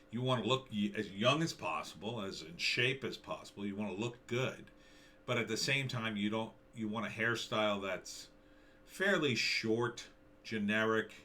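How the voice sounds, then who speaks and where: A man's voice: on the low side, bright, forceful tone, slight background noise. A middle-aged man giving opinionated, casual commentary, rambling and sarcastic, with lots of fillers and restarts. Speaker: commentary vlogger.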